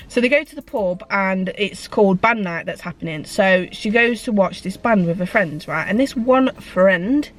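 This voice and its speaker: Chatty woman swearing freely. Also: medium pitch. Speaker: book vlogger. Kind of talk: casual book chat.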